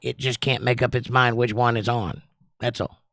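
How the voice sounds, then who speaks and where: Hoarse man chatting on a livestream. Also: medium pitch, little pitch movement, normal speed, a bit bright, dry recording, clean studio sound. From North Carolina. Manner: joking, rambling, does silly voices. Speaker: livestream host. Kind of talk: casual chat with live chat.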